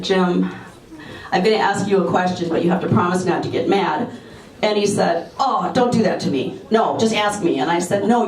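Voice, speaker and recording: A woman's voice: lowish voice, darkish tone, far from the mic. A woman telling a playful anecdote at a memorial, acting out both sides of the dialogue. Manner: storytelling, acts out dialogue. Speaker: friend telling a story. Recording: roomy hall, mic from afar.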